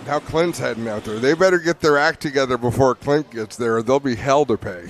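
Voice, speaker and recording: A man's voice: mid-range voice, fairly quick, few pauses. A man calling a race live at an outdoor speedway, explaining the cars in easygoing, joking banter with his co-host. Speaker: race commentator.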